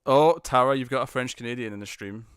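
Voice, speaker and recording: A man's voice: medium pitch, quick pace, smooth, no echo, studio quality. A British man hosting a live stream, chatting casually through viewer comments in a rambling, hesitant way, often restarting and chuckling.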